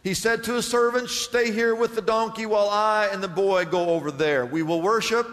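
A man's voice: sits high, fairly even intonation, normal speed, fairly bright tone, long reverb tail. A male pastor preaching a sermon, acting out Bible scenes and reading scripture aloud.

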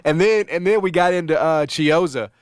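A man's voice: a little high, moderate pace, slight background noise. Rambling man talking sports. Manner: rambling, many restarts and fillers. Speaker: sports talk host. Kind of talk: casual sports chat.

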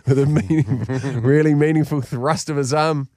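A man co-hosting a podcast, reading a listener story aloud in an animated way and laughing often. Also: a little high, moderate pace, dry recording, studio quality. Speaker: podcast co-host.

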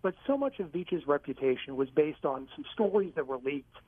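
A man's voice: a little high, sing-song, brisk, dry recording. A man calling in to a sports radio show over the phone, politely arguing his point. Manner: polite but argumentative. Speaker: caller. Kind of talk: call-in radio. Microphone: telephone. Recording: tinny phone line.

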